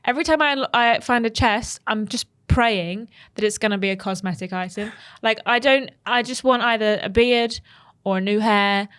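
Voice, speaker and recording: A woman's voice: fairly high pitch, moderate pace, a bit bright, smooth. A woman co-hosting a gaming podcast, chatting in a bubbly, enthusiastic and rambling way. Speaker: podcast co-host. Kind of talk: casual chat.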